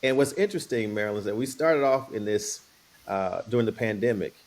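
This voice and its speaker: Relaxed man telling a story, low voice. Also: brisk. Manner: relaxed, playful, acts out quoted voices. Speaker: guest. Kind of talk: casual storytelling interview.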